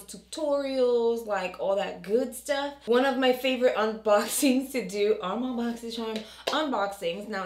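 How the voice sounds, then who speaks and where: A woman beauty vlogger talks straight to the camera in a chatty, self-deprecating way, her voice still low and husky from just waking up. She sits a little high in pitch for a woman, and the room around her gives off a clear echo. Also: darkish tone. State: low morning voice. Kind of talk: casual makeup tutorial chat.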